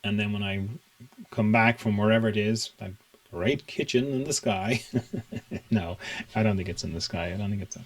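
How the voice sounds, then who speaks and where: A man in a reflective spiritual monologue, musing aloud with many fillers and restarts and frequent soft laughs. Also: lowish voice, moderate pace, long pauses, low-quality recording. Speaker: spiritual teacher.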